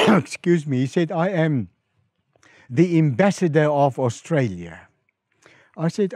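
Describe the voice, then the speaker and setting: A man's voice: measured pace, no echo. A middle-aged man with a South African accent, a pastor telling stories from his mission work in an interview, acting out the voices of people who phoned him. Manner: animated storyteller, rises in pitch and volume acting out quoted calls. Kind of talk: storytelling in an interview.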